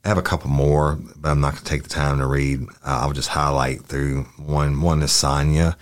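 A man, a police detective who reads an interview transcript aloud in a matter-of-fact, deadpan way. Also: rumbling low, normal speed.

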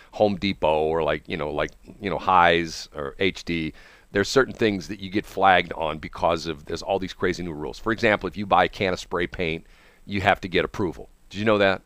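A man hosting a radio show, telling a story in a casual, animated way, laughing often and acting out what other people said. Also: deep voice, dry recording.

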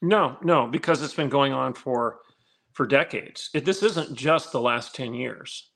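A man's voice: medium pitch, a little slow, gravelly, fairly bright tone. A man, a former college dean, telling a story in a podcast interview and building to pointed rhetorical questions.

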